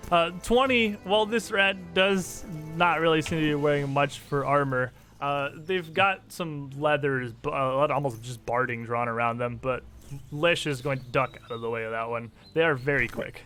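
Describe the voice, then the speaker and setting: A man's voice: a little high, moderate pace, bright, forceful tone, soft background music. A man narrating a tabletop fantasy game as game master, laughing often as he describes the action.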